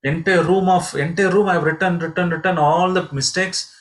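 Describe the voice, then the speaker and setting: A man's voice: high-pitched, fairly even intonation, moderate pace, voice pushed up, natural voice. A man acts out a heavenly scribe at the end of his rope, pleading that he can no longer keep up with the record. The voice sits a little raised and urgent, in a storytelling lesson. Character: scribe of the death god, overwhelmed and pleading.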